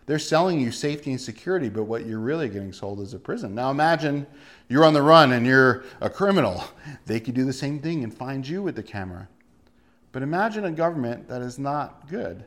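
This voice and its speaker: A man's voice: medium pitch, expressive, fairly quick. A male pastor delivering a sermon emphatically, full of rhetorical questions and repeated words.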